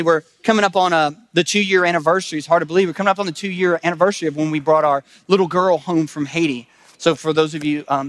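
Man pastor, sermon, fairly high voice, chatty delivery with emphatic peaks, dry close sound. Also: dry recording. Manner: conversational preaching, rising to emphatic calls and dropping to hushed asides.

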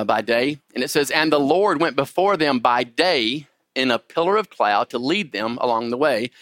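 A man's voice: mid-range voice, no echo, clean studio sound. A man giving an informal Bible lesson, often restarting and checking in with his listeners. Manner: frequent restarts, animated emphasis. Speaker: Bible teacher. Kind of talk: conversational Bible teaching.

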